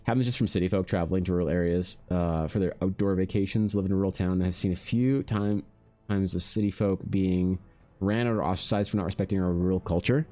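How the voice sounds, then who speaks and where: A man's voice: sits low, brisk, dark tone, faint music behind. A man hosting an art live stream, chatting casually with his chat and rambling with lots of fillers. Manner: rambling, many fillers, reads chat aloud.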